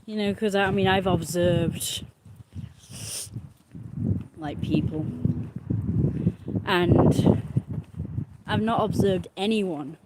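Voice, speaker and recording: A woman's voice: slow pace, pauses often, heavy background noise. Woman rambling on a phone livestream. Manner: baby-talks to a cat in a high coo, then rambles earnestly. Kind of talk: casual livestream chat.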